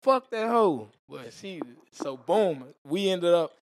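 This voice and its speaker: Fast-shifting, slangy man telling a wild story. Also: high-pitched. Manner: animated, slangy, profane storytelling with sound effects. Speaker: podcast guest. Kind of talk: casual storytelling interview.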